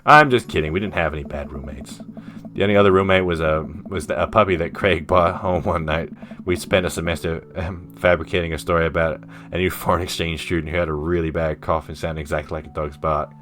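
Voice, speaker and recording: A man's voice: low-pitched, fairly even intonation, fairly quick, fairly bright tone. A man streaming a dating game, reading its dialogue aloud with playful, self-mocking asides. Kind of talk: casual let's-play commentary, reading dialogue aloud.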